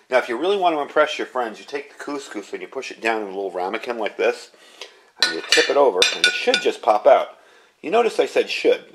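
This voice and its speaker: This home cook, a man in his fifties, has a fairly low voice with vocal fry. He chats in a relaxed way while cooking, casually guiding viewers through the demonstration.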